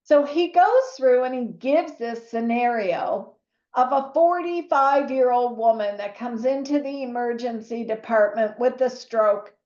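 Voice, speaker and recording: A woman, a nurse telling a lively story to fellow nurses, acting out what others said. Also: fairly high pitch, unhurried. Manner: animated storyteller who acts out quoted voices. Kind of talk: storytelling talk to an audience. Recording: echoey, slightly dull room recording.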